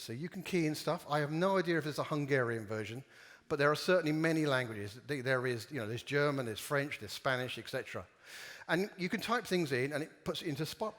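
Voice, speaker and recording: Before a live audience in a conference hall, a man whose voice is a little high and a bit bright cracks jokes and leads participation games. The room produces a long reverb.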